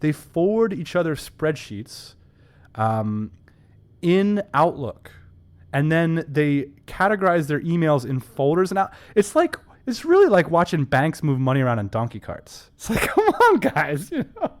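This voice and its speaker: A man co-hosting a casual business podcast, talking emphatically and enthusiastically with quick asides. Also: fairly high pitch, big pitch swings. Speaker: podcast co-host.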